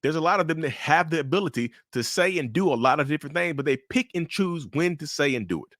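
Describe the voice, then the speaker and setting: A man giving blunt, animated commentary to camera about relationships. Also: on the high side, fast talker, dry recording, studio quality.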